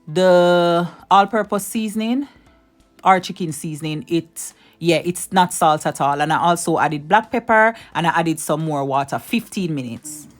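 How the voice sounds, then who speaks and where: A woman's voice: on the low side, normal speed. Lady talking thru a cooking video, chatty, keeps repeating her tips. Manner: chatty, addresses viewers directly, repeats advice. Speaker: cooking channel host. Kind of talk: casual cooking tutorial.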